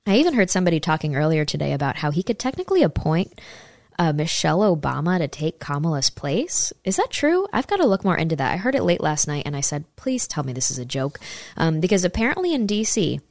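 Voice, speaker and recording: A woman's voice: fairly low pitch, sing-song, fast talker, darkish tone, no room sound, studio quality. A woman hosting opinionated political commentary, sarcastic and incredulous, reading passages from articles aloud.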